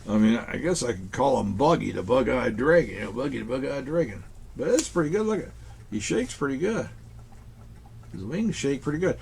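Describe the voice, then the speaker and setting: A man's voice: mid-range voice, lively intonation, brisk, creaky, a little mellow, a little hiss or hum. A man playing Santa Claus in a children's craft show, chatting folksily to boys and girls as he works.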